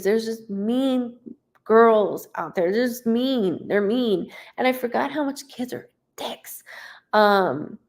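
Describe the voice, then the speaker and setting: A woman in her thirties gives a live psychic reading in a medium-pitched, slightly mellow voice. As a medium relaying messages, she's chatty and rambling.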